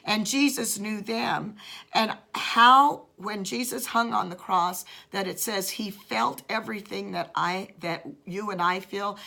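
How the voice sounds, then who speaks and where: A woman's voice: medium pitch, vocal fry, a bit bright. A woman hosting a devotional video, retelling a scripture passage and preaching about it earnestly, with frequent restarts.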